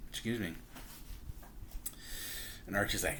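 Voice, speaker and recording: Chatty low-voiced man recapping a comic. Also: normal speed, sharp tone, slight background noise. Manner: chatty, acts out characters with lots of "he's like"; chuckles while telling. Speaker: book reviewer. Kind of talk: casual retelling of a comic book.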